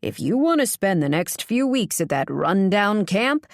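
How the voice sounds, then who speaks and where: A woman's voice: medium pitch, sing-song, a little slow, no room sound, studio quality. A woman narrator voicing a domineering older father who taunts his daughters in a smug, offhand way. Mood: taunting.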